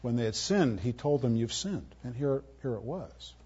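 A man preaching a sermon, moving between emphatic, forceful lines and soft, tender ones. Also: mid-range voice, expressive, normal speed, husky. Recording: muffled, lo-fi audio.

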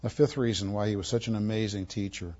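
A man preaching a sermon, moving between emphatic, forceful lines and soft, tender ones. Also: on the low side, steady tone, fast. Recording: muffled, lo-fi audio.

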